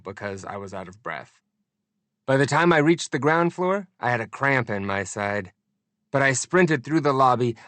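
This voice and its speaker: A man narrating a first-person audiobook in an expressive, deliberate storytelling manner. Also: medium pitch, dry recording.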